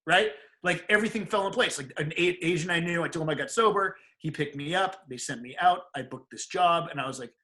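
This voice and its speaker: A middle-aged man, a guest on an interview show, telling a personal story in a casual, animated way and acting out the people he quotes. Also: on the high side, fast talker, few pauses. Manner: animated, acts out quoted voices.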